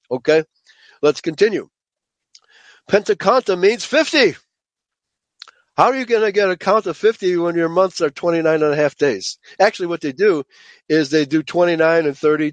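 A man's voice: high voice, dry recording. A man teaching a Bible study lecture to a group, emphatic and often checking in with listeners by asking "okay?" and calling them folks.

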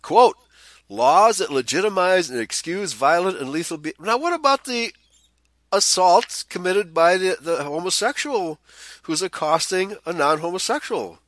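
A man's voice: high voice, expressive, unhurried, a bit bright, dry recording. A man hosting a commentary show, reading news items aloud and adding sarcastic, scornful asides, often chuckling and stumbling over repeated words.

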